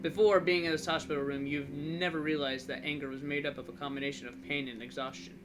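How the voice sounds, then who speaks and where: A man's voice: on the high side, flat delivery, fast, noisy background. Joking man reading a game aloud. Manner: jokey, offhand asides. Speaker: gamer narrating a game. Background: game music.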